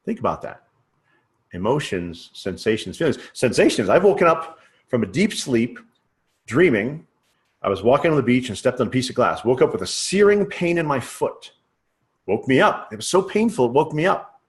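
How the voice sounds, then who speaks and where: A man's voice: mid-range voice, sing-song, moderate pace. A man giving a sales training lecture in a conversational way. He often checks in with the listener and uses everyday examples. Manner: conversational, checks in with frequent "right?". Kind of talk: teaching lecture.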